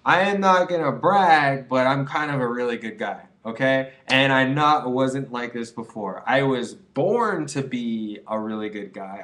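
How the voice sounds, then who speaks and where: A man's voice: mid-range voice, a bit bright. Rambling young man giving earnest advice. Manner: rambling, earnest, lots of fillers and "like". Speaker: vlogger. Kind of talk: casual to-camera advice monologue.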